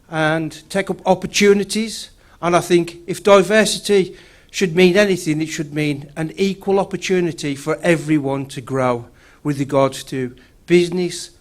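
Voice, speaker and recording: Black country bloke at a conference mic, kinda high voice, earnest and jokey about himself. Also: male voice. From Bilston, West Midlands England. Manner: self-deprecating, earnest, upbeat. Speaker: councillor speaker. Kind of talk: conference speech. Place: conference room.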